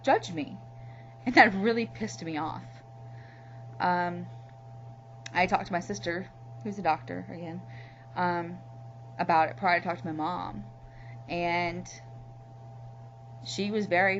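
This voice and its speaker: Candid, heartfelt woman, slightly low voice. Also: a bit bright. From Louisiana, USA. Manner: candid, heartfelt, rambling with many "you know"s. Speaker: vlogger. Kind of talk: personal video diary. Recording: muffled lo-fi recording with faint hum.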